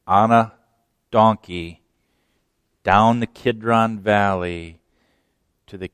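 A man preaching a sermon, telling a story with folksy asides, dropping to a near whisper and then rising to excited shouts. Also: on the low side, no echo. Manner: lively storytelling, swings from hushed to shouting; laughs between phrases, folksy asides. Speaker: pastor.

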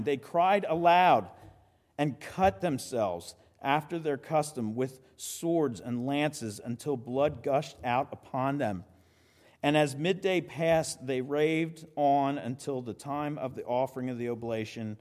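A man preaching a sermon as pastor, lively and conversational, with quick asides and frequent restarts. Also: medium pitch, big-room sound.

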